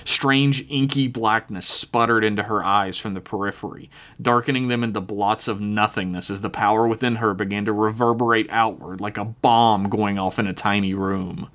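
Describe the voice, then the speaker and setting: A man's voice: on the low side, fairly even intonation, moderate pace, fairly bright tone. A man narrating a tabletop role-playing game in a dramatic style, swearing and laughing now and then. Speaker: game master.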